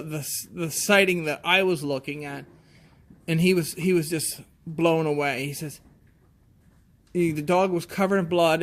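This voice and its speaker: High-voiced plainspoken farmer man. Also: a bit bright. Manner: plainspoken, halting, shaken retelling. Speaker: goat farmer. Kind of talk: casual storytelling.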